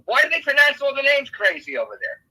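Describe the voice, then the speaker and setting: A man's voice: extremely high pitch, wildly swooping pitch, fast talker, pushed and bright, rough recording. A middle-aged man, a podcast guest, talking in casual interview chat with blunt, quizzing questions. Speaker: podcast guest, political operative.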